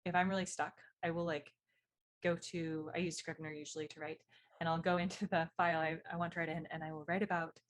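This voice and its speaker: A novelist co-hosting a podcast chats casually about writing in a friendly, supportive way. Her voice sits low, with a level tone and a quick pace.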